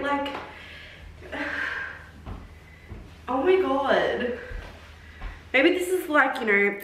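Woman, 20s, vlogger. Chatty, exasperated, unhurried delivery; echoey room, mic at a distance. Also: sits high, a bit bright, a little hiss or hum. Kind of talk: casual try-on haul vlog.

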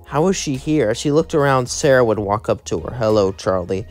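A man narrating an improvised fan story in a loose, rambling way. His voice sits at an ordinary middle pitch, and he strings events together with repetitive phrasing. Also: expressive, a little fast, a little mellow, soft background music.

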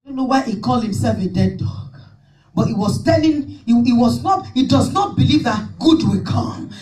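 Faint music plays behind a woman pastor whose slightly high, mellow voice is expressive and at a normal pace. She preaches with fervor in a church hall, repeating herself and drawing responses from the congregation, captured by a distant mic in an echoey room.

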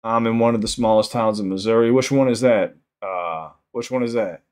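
A young man from Chicago with a Chicago accent, chatting casually on a livestream while high, rambling and swearing often. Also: moderate pace, a little mellow, clear, resonant tone. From South Side of Chicago. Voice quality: rambling, profane, repeats himself. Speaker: streamer.

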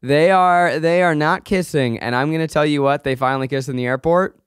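A man co-hosting a podcast in casual chat, animated and emphatic, swearing freely. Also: on the high side, brisk, heavy background noise. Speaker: podcast co-host.

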